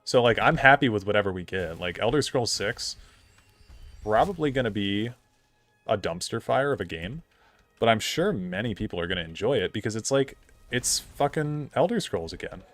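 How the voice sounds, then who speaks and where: A man's voice: on the low side, lively intonation, moderate pace, a bit bright, soft background music. A young man streaming a game, chatting casually in a rambling, opinionated way full of fillers. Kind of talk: casual gameplay commentary.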